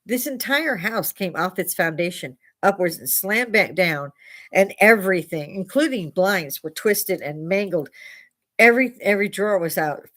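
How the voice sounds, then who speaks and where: A woman's voice: mid-range voice, expressive, moderate pace, fairly bright tone. An older woman hosting a casual livestream from a bar, slightly tipsy, rambling through stories with frequent laughs and swearing. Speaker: livestream host.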